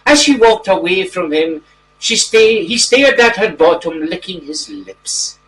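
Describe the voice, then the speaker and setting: A man playing a genteel titled gentleman reading a mock bedtime story to children in a gentle, drawn-out way. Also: high voice, big pitch swings, full character voice. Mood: storytelling. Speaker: storybook reader. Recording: distant mic, faint background noise.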